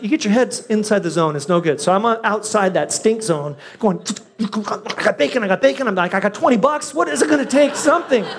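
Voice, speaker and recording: Animated storytelling pastor. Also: mid-range voice. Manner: animated, self-mocking, swings from loud to hushed. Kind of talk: storytelling sermon. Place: church.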